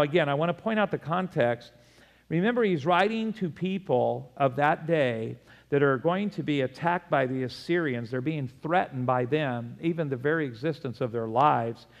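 A man, a pastor preaching a sermon, animated, often laughing, his voice jumping up in pitch for emphasis. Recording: long hall reverb.

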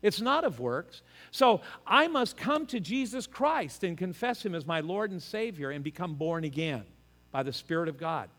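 A man's voice: fairly high pitch, very animated, moderate pace, a bit bright, faint music behind. An older man preaching a sermon as pastor, emphatic and earnest, slipping in joking personal asides. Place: church. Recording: long reverb of a large hall.

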